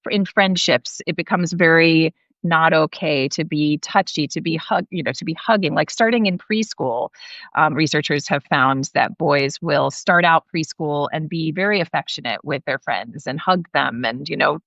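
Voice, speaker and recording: A low-voiced woman with a gravelly, creaky edge, speaking earnestly and thoughtfully as an interview guest. Her speech is full of fillers and restarts, and it is recorded dry and slightly dull. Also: normal speed, a bit bright, no echo. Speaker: author and parenting guest. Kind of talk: conversational interview.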